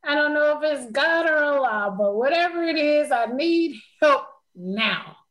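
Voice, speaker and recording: A woman's voice: high voice, expressive, a little slow, a bit bright, low-quality recording. A woman talking in a casual conversation, telling a personal story with emotion and frequent laughter.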